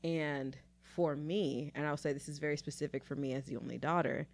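A woman's voice: deep voice, steady tone, a little fast, darkish tone. A woman co-hosting a podcast, playful and joking, talking casually with many fillers. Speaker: podcast co-host.

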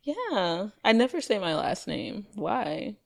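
A woman co-hosting a podcast in casual chat, joking and giggly with quick comebacks. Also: medium pitch, sing-song, gravelly, dry recording, studio quality. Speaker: podcast co-host.

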